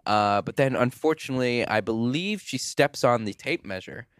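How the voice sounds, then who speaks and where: Male co-host, easygoing plot recapper with quick jokes, medium pitch, dry close mic. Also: animated, no echo. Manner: plain recounting of plot, chimes in with jokes. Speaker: co-host of a movie review show. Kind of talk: casual movie review chat.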